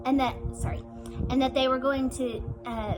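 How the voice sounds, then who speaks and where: A woman's voice: high-pitched, steady tone, normal speed, over music, rough recording. A woman reading a first-person novel aloud in an earnest storytelling manner. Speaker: audiobook reader.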